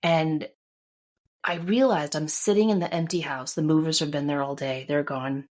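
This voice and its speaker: A woman's voice: deep voice, steady tone, normal speed. Emotional middle-aged woman telling a story. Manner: warm storytelling, emotional, acts out quotes. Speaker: podcast co-host. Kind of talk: casual chat.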